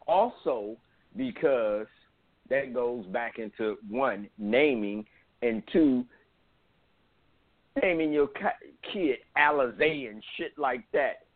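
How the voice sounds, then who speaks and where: Slow, lively man on a phone line. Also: mid-range voice. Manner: laughing, profane, amused reactions. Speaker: radio show host. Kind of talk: casual chat.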